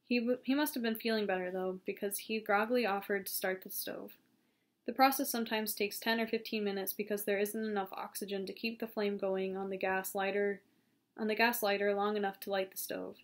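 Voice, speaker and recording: A woman reading a novel aloud, steady and calm, now and then stumbling and restarting a phrase. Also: medium pitch, a little fast. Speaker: audiobook reader.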